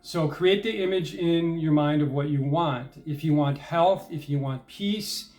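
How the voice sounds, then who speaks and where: A middle-aged man explaining techniques in a loose, chatty way, his voice sitting a little higher than most men's. He scatters fillers and asks "okay?" and "right?" as he goes, then pushes harder and louder on the points he cares about. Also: a little slow. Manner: conversational, many fillers and check-ins like "all right?"; grows emphatic and louder when stressing determination. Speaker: self-help speaker. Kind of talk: casual instructional talk.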